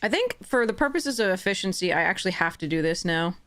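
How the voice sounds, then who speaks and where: A woman giving casual commentary while playing a card game, chatty, often correcting herself and slipping in quick apologies. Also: fairly low pitch, animated, fairly bright tone. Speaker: game streamer.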